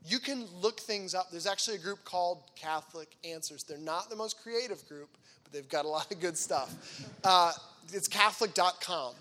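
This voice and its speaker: A man in his thirties speaks to teenagers in a lively, conversational faith talk, slipping into acted-out voices for the people he quotes. His voice sits high for a man and has a bright, forward edge. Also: moderate pace. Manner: animated, acts out voices in quoted dialogue; chatty and conversational, with frequent fillers. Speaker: youth speaker.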